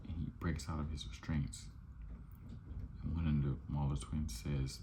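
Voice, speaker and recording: A man giving a calm, low-key ASMR comic book reading as the channel host. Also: moderate pace, a little hiss or hum.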